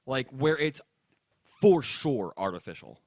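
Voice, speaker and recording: A young man co-hosting a casual podcast, ranting in an animated way and laughing often. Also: medium pitch, a little slow, no room sound, studio quality. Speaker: podcast co-host.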